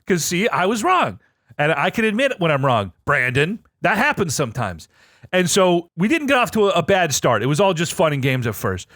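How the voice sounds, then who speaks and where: A man co-hosting a podcast, telling a story in an excitable, profane way that swings between low asides and loud outbursts. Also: normal speed, no echo, clean studio sound. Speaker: podcast co-host. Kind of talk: animated casual storytelling.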